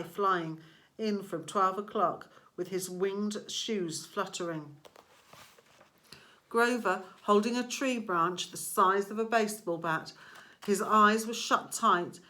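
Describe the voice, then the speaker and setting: A woman reads a novel aloud as the narrator, taking her time with each sentence. Her tone is bright and clear, and her pace stays unhurried. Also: mid-range voice. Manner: slow, deliberate reading. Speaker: audiobook reader. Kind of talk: scripted narration.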